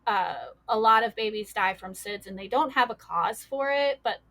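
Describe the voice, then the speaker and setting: A woman's voice: on the high side, lively intonation, normal speed, fairly bright tone. A woman guest recounting a painful personal loss in a casual, filler-heavy way. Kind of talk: personal storytelling.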